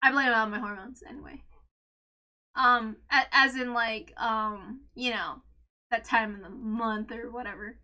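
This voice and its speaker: This visual novel read-along host has a voice on the high side, steady in tone and measured in pace. Reacting emotionally, she launches into a heated rant, shouting, stammering and nearly in tears.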